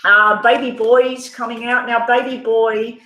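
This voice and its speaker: A woman's voice: fairly high pitch, little pitch movement, a little slow, sharp tone, echoey room, poor audio. A middle-aged Australian woman giving a rambling, frank tarot reading on a live stream. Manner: chatty, rambling, frank with mild swearing. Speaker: tarot reader.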